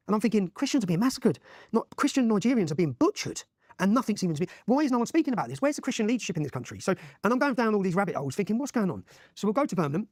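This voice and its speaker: A man in his forties with an English accent, pouring out his account at a breakneck pace. His voice sits somewhat high for a man and stays emphatic throughout, with frequent "yeah?" tags. The sound is close and dry. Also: no room sound. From England. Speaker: interview guest. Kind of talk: impassioned storytelling in a podcast interview.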